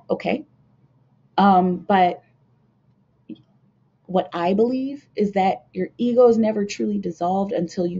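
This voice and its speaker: A young woman from the United States talks to her viewers about spiritual matters, earnest and meandering, full of fillers and false starts. Her voice sits low with a soft, mellow tone. The sound is dull and lo-fi. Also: creaky, breathy edge. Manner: earnest, rambling, with many fillers and restarts. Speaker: spiritual card reader hosting a channel. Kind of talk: casual spiritual talk to viewers. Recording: dull lo-fi home video sound.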